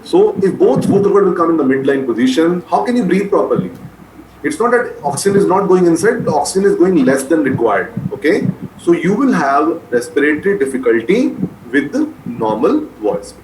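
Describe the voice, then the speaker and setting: A man with an Indian English accent teaching medical students, dictating notes slowly and repeating each point, often calling them beta. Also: on the high side, big pitch swings. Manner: repetitive, addresses listeners as beta. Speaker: medical lecturer. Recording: echoey room with faint noise.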